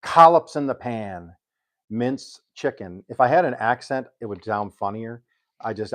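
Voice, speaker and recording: An older man casually chatting on a cooking live stream, rambling and pausing with ums as he reads aloud. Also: on the low side. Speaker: home cook hosting a live stream.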